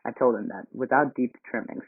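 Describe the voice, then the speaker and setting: A man's voice: medium pitch, fairly quick, husky, no echo. A man reading the part of a rigid, fussy older woman who complains indignantly about propriety, in his own voice. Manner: indignant, self-pitying complaint. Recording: tinny phone-like sound.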